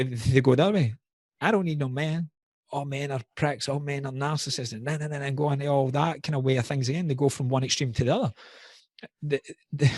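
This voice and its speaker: Husky, blunt-talking man. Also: mid-range voice, dry recording, clean studio sound. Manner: blunt, frequent swearing, candid; reflective, speaks about personal wounds. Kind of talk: casual podcast conversation.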